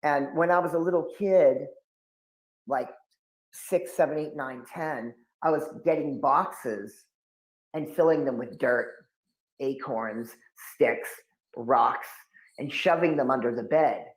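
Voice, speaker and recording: In an interview with roomy echo, an occult expert in his fifties from New England tells long, animated stories, acting out everyone he quotes. He speaks slowly at a medium pitch.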